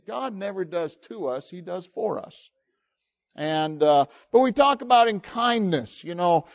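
A man preaching a sermon in a conversational style, asking the listeners questions and swinging between loud emphasis and quiet asides. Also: a little high. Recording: dull lo-fi recording.

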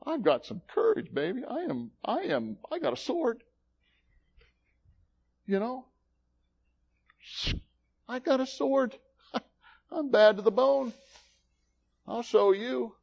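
A preacher putting on a cocky bragging disciple. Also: male voice, normal speed, creaky, a little mellow, husky, highs cut off. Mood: boastful. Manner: cocky, bragging, higher put-on voice. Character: boastful swaggering male disciple, adult. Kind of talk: preacher acting out a biblical figure.

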